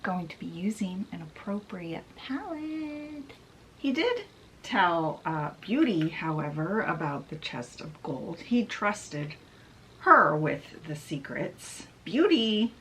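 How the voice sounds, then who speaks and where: Casting: laid-back woman vlogger retelling an old tale, slow and chatty. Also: on the low side, a bit bright, slight background noise, low-quality recording. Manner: chatty, laid-back, asides while doing makeup. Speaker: book vlogger. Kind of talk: casual fairy-tale retelling.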